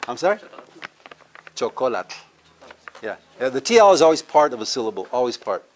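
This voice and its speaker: A man's voice: mid-range voice, sing-song, very fast, slight background noise. Male professor lecturing to a live class. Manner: explains step by step and has the audience repeat words. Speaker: university professor giving a lecture. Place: cultural center with a live audience.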